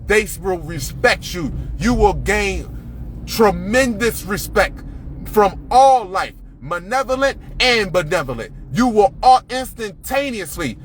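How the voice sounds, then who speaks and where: High bright guy ranting hard, cursing, repeats himself, faint hiss behind. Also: animated, slow pace. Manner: profane, confrontational, repetitive. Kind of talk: ranting monologue to camera.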